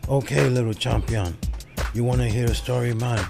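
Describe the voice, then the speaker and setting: A laid-back storyteller, played by a man, spins a tale for a little kid in a fake Jamaican accent. He ends nearly every phrase with "man". His gravelly voice sounds from a roomy film clip over clear music. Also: medium pitch, steady tone, normal speed, natural voice. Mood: storytelling.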